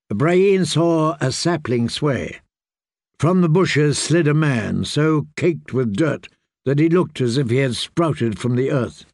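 Brief: male audiobook narrator, measured and dramatic, dry close sound. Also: a little high, expressive, darkish tone, no echo. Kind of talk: scripted narration.

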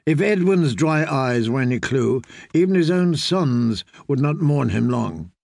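A man narrating a fantasy audiobook in a brisk, even storytelling manner. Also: medium pitch, vocal fry, dry recording.

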